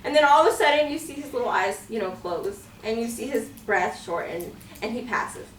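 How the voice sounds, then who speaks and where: A woman's voice: on the high side, brisk, slight background noise. A young woman giving a casual storytelling speech to a class, full of fillers and acting out her own reactions. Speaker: student speaker. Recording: echoey room from far off.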